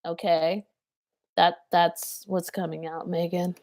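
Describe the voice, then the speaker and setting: A woman giving a tarot card reading to camera. She speaks earnestly and haltingly, with many fillers. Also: lowish voice, fairly even intonation, a little mellow, dry recording.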